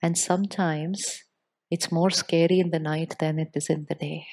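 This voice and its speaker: A woman giving a spiritual talk to a live audience, speaking with deliberate pauses and putting questions to the listeners. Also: low-pitched, a little mellow.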